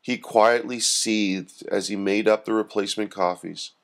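A man hosting and narrating a Christian parable story with expressive delivery. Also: lowish voice, a little slow. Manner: expressive narration with lively intonation. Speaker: storyteller host.

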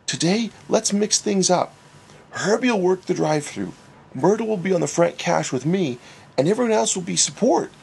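Eager male manager, read by a man, pushy and upbeat, husky. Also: high voice, animated, moderate pace, darkish tone, pitched above the performer's own voice, exaggerated voice. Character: eager male restaurant manager full of schemes.

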